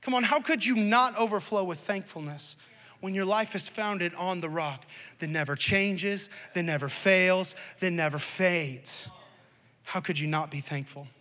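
A male pastor in his thirties preaching a sermon, moving from storytelling to loud, rising exhortation. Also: sits high, measured pace. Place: church stage.

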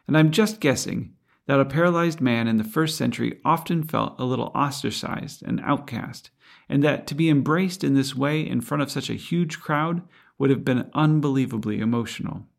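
A man's voice: medium pitch, moderate pace, gravelly. A man preaching a sermon in an earnest, reflective way, asking rhetorical questions.

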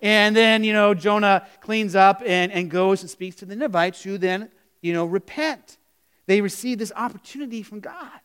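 A man's voice: sits high, normal speed, fairly bright tone, clear, resonant tone. A pastor giving a conversational sermon, retelling stories and asking his congregation questions.

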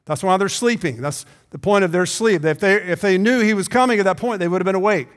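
A man's voice: high voice, quick pace. A man preaching a sermon as the pastor, talking conversationally, often repeating words and asking the congregation questions. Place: church sanctuary. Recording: long reverb in a church hall.

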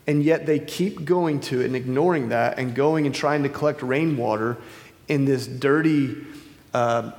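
A man with a mid-range, somewhat dark voice delivers an informal sermon into a wireless microphone. His style is casual and conversational, full of fillers and restarts, and the recording has a long hall reverb.

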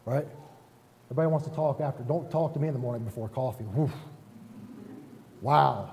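A man who is a pastor, preaching a relaxed, conversational sermon in a folksy, self-deprecating way and often checking in with the congregation. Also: mid-range voice, a little fast, creaky, slight background noise. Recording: reverberant hall sound.

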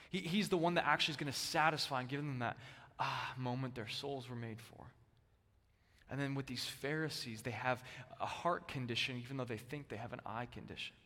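A male pastor preaches a sermon with emphatic stress, swinging between loud bursts and hushed, low lines. The recording carries a long hall reverb.

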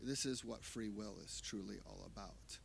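A man preaching a sermon, animated and emphatic, shifting between hushed and loud delivery. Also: fairly low pitch, moderate pace, gravelly, a little hiss or hum. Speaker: pastor. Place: church.

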